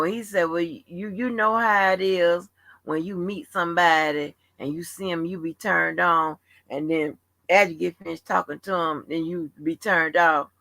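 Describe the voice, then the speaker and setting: A woman's voice: on the low side, sharp tone, no room sound. A woman hosting a livestream open forum, telling stories in a blunt, profane, casual rant. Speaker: livestream host.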